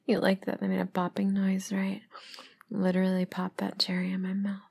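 In a whispered role-play, a young adult woman murmurs low and breathy, issuing commands between chews and sighs. Her delivery is monotone at a normal speed and a little mellow, like an audio role-play performer.

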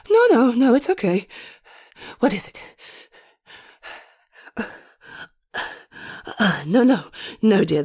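A breathy, husky young woman, panting and out of breath as she talks. Her pitch swings widely from low murmurs up to high exclamations, and she keeps slipping into a soft whisper.

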